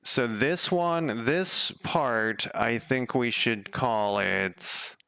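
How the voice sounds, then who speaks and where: A man's voice: mid-range voice, drawn-out words, vocal fry, bright, forceful tone, clean tone, no echo. A man developing a game on a live stream, chatting casually and rambling off on tangents as he thinks aloud. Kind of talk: casual live coding chat.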